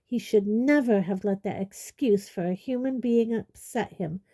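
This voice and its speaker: A woman voicing a fierce, determined teenage girl, brisk and indignant, in an audiobook. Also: mid-range voice, dark tone, close to an everyday voice. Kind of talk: audiobook character voice.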